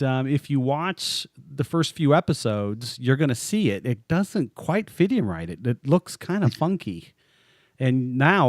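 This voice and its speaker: A man's voice: medium pitch, a little mellow, no echo, studio quality. Chatty, laughing male podcast co-host. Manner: chatty and joking, laughs often mid-sentence. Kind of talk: casual podcast chat.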